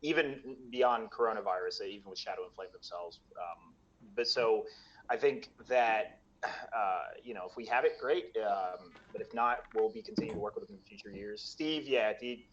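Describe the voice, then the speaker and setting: A man's voice: lowish voice, moderate pace, a bit bright, highs cut off. An American man chatting as a guest about the event he organizes, with many fillers and restarts. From United States. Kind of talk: casual chat. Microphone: video call.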